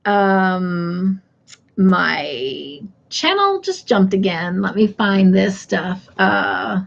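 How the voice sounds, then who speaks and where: A middle-aged woman chats at a relaxed, unhurried pace as she hosts a crafting live stream from home. She reads viewer comments aloud and laughs easily. Her voice comes through slightly dull and muffled on the stream audio. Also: mid-range voice, gravelly. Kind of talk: casual live-stream chat.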